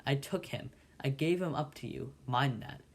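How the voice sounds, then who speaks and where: A man voicing a desperate, rough-spoken escaped convict who talks with fierce scorn. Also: mid-range voice, normal speed, close to an everyday voice.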